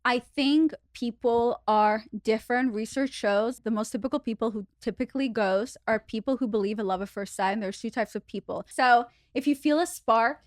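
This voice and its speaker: A woman's voice: moderate pace, hardly any pauses, no room sound, studio quality. A woman from Russia, a podcast guest chatting casually and acting out quotes with big jumps in her voice. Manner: animated, acts out quotes with big pitch jumps. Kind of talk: casual chat.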